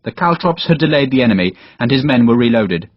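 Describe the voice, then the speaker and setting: Male narrator, dramatic reading, expressive pitch, muffled dry lo-fi recording. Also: brisk, dry recording. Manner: dramatic storytelling, voices all characters. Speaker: audiobook narrator. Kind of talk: scripted narration. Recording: dull, dry lo-fi audiobook recording.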